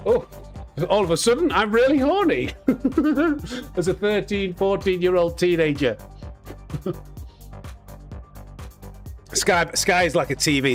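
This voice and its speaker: High-voiced cheeky man streaming. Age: 30s. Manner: cheeky, jokey, laughs often, chats with viewers. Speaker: streamer host. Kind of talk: casual live-stream chat while gaming.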